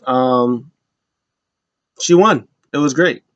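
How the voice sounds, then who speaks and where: A man's voice: medium pitch, very slow, fairly bright tone, no echo, highs cut off. A man giving a casual, rambling wrestling recap and acting out what people said. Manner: loose, rambling retelling that acts out quotes.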